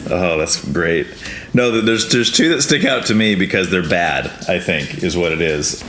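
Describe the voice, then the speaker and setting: A man's voice: sits low, expressive, normal speed, fairly bright tone. A man hosting a podcast in casual chat, telling stories animatedly and laughing often. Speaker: podcast host. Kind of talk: casual interview chat, storytelling. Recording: roomy with faint noise.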